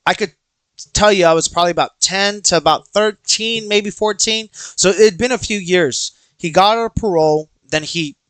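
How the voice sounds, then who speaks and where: A man's voice: sits high, moderate pace, clear, resonant tone, no room sound. A young man hosting a podcast, telling a personal story casually, acting out quoted voices and swearing freely. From Texas. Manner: animated, acts out quoted dialogue, swears freely. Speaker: podcast host.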